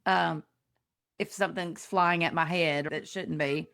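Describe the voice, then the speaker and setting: Gravelly middle-aged woman, wry. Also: on the low side, steady tone, measured pace, fairly bright tone. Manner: self-deprecating, wry storyteller. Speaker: podcast co-host. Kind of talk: casual chat.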